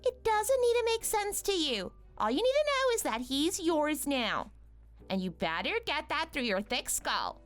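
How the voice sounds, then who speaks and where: A woman voicing a scheming, rude young mother, speaking in a mocking, condescending and bossy way over soft music. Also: sits high, very animated, a little slow, full character voice. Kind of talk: animated story voice acting.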